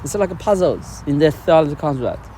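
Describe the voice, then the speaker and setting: A man teaching spiritual ideas in casual conversation, animated and laughing often, with non-native grammar. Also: on the high side, moderate pace, slight background noise. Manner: animated, acts out quoted voices, laughs often.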